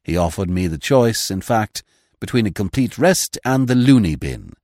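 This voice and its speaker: A man reading a classic comic novel aloud in measured, expressive narration. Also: on the low side, no echo, studio quality. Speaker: audiobook reader.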